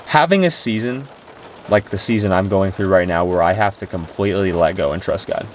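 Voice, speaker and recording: A man with a lowish voice speaks earnestly and emotionally about trusting God, in a personal vlog. He sounds tearful and raw and rambles with restarts. Soft rain and faint noise sit behind him. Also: fairly quick. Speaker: Christian vlogger. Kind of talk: personal faith talk to camera.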